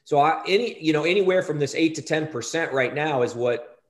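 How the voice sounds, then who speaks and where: A man giving a school superintendent's report at a board meeting, halting and often restarting his sentences. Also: fairly high pitch, echoey room.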